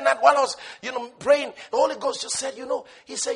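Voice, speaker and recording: A man preaching a sermon with passion, swinging between loud shouted refrains and soft low asides, laughing and repeating key words. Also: steady tone, fast, vocal fry, few pauses, slightly rough.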